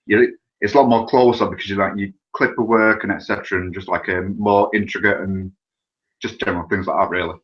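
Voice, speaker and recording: A man's voice: on the low side, fairly even intonation, brisk, lo-fi sound. A British man, a guest on a podcast, talking informally and rambling about his barbering work. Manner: rambling, informal, filler-heavy. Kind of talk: casual podcast interview.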